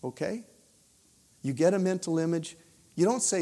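Animated preacher, man telling a story. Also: a little high, normal speed. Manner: animated storyteller, drops to a hushed voice for quoted prayers. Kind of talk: sermon with storytelling.

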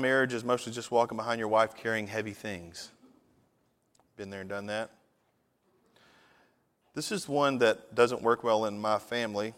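A man's voice: lowish voice, a bit bright. A man preaching a sermon to his congregation, folksy and conversational, telling jokes and asking if they are with him. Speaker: pastor. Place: church worship hall. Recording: reverberant hall.

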